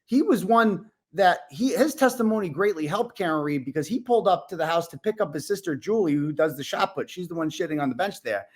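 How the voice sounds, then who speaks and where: A man telling an animated story as a podcast guest, full of fillers and restarts. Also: high-pitched, brisk, hardly any pauses, slightly rough. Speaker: podcast guest, independent reporter. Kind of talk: casual podcast conversation.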